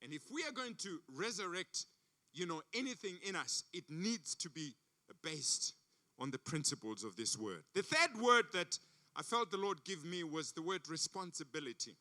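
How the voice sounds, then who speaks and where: Very animated, with a high, pushed, bright voice at normal speed, an African guest preacher delivers a sermon at a church service. His storytelling is emphatic and leans on repeated phrases.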